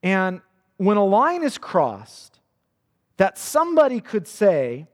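A man's voice: high voice, very animated, a little slow, big-room sound. A male pastor preaching a sermon with earnest emphasis, quoting scripture dramatically.

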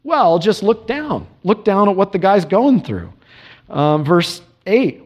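A male preacher delivering a sermon, earnest and emphatic, asking rhetorical questions and reading scripture aloud in a measured cadence. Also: high voice, sing-song.

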